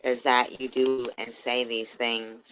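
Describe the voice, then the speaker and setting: A woman ranting angrily on a livestream, swearing heavily and swinging between low muttering and loud outbursts. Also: level tone, slow pace, slight background noise. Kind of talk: angry ranting livestream commentary. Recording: dull lo-fi stream audio.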